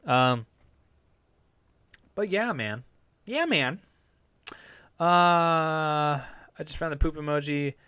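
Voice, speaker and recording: A man's voice: on the high side, lively intonation, slow pace, long pauses, bright, forceful tone, clear, resonant tone, no room sound. A young man chatting casually on a live stream from his home basement, rambling and swearing often in a laid-back way.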